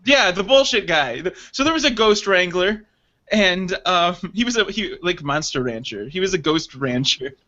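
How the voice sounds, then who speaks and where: A man hosting a casual podcast chat, telling an animated story full of laughter and acted-out quotes. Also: high voice, normal speed. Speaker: podcast host. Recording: dull lo-fi sound.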